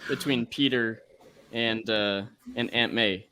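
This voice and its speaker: Man reading lines flatly in chat. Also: lowish voice, takes it slowly, smooth. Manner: flat, unenthusiastic reading voice. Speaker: podcast co-host. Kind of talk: casual chat with deadpan read-aloud bits.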